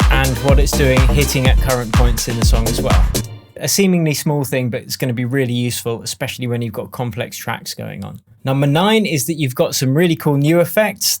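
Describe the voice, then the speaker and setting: A music production tutor with a medium-pitched voice explains music software in a screen-recorded tutorial. His delivery is relaxed and chatty, full of fillers, with faint demo music playing in the background.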